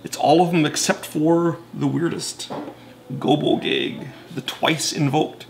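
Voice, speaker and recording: A man's voice: a little high, steady tone, slow, gravelly, slight background noise. A man casually explaining board game rules in a chatty, self-correcting way with many fillers.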